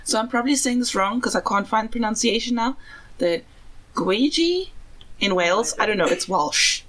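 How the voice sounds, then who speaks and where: A woman's voice: on the high side, a little fast, a bit bright, low-quality recording. A young woman from South Africa co-hosting a podcast in casual chat, giggly and self-deprecating. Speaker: podcast co-host.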